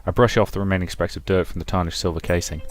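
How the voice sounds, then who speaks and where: Low voiced guy reading out a story game, calm, chill asides, bit of music under it. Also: rapid-fire. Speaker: let's play host. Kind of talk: reading a visual novel aloud.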